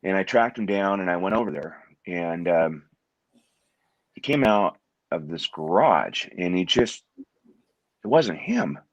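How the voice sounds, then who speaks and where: A middle-aged man from Washington State, a guest in an interview, talking in a halting way and often repeating words as he restarts his sentences. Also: low voice, lively intonation, no room sound, highs cut off. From Washington State, USA. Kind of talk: conversational interview.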